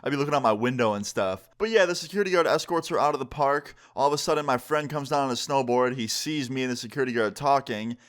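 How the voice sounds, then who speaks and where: A man's voice: fast, hardly any pauses, a bit bright. Young man telling a story time. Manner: conversational, acts out quotes with pitch jumps. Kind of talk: casual storytelling.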